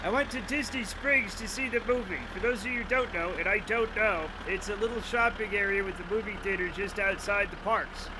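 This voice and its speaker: A man's voice: high voice, a little fast, hardly any pauses, noisy background. A man streaming a game, chatting casually, joking, swearing and often laughing. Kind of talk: casual livestream commentary.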